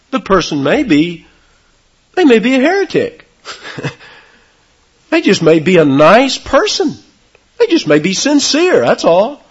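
Husky, animated man preaching. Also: muffled recording. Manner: animated preaching with sudden high, loud emphasis. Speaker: pastor. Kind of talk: sermon.

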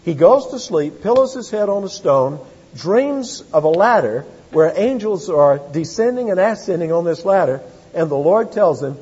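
A man preaching from a church pulpit, his slightly husky voice sitting fairly high and swinging widely in pitch. He slows down to hammer home single words and climbs to loud repeated phrases. The recording is dull and lo-fi, with a long reverb trailing each phrase. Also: animated. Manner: emphatic, slows to stress key words, rising to loud repetitions. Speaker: pastor. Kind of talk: expository sermon. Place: church sanctuary.

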